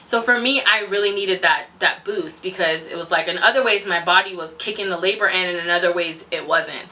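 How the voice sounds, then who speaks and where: A young woman telling a personal story in a casual vlog, animated, laughing often and acting out what people said. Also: on the low side, fairly quick, distant mic. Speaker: vlogger.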